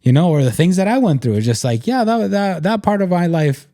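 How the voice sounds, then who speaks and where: A podcast host talks casually about faith in a mellow, warm voice that sits high, speaking fairly quickly and expressively. He is earnest and reflective, his sentences loose and packed with "like." The sound is dry, with no room sound.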